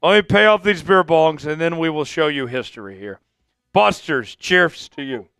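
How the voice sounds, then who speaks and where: A man's voice: fairly high pitch, animated, normal speed, fairly bright tone, clean tone, no echo, faint music behind. A man hosting a live sports fan stream while drinking, swinging from hype chants to emotional thanks. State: drinking, tipsy. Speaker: sports livestream host.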